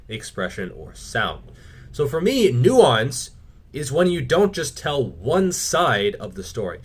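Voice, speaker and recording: A man hosting his own fitness channel, answering viewer questions in a casual, blunt, opinionated way and swearing freely. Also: medium pitch. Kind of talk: casual Q&A monologue.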